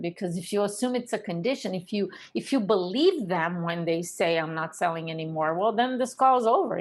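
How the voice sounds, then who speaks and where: A middle-aged woman coaching real estate agents, explaining phone technique and acting out calls along the way. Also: medium pitch. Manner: animated, acts out phone calls. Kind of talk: coaching lesson to camera.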